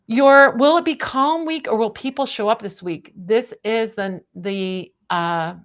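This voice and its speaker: A middle-aged woman giving a casual tarot reading on a livestream, chatty and animated, often adding "right?" and laughing. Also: a little high, measured pace, hardly any pauses. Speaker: tarot reader.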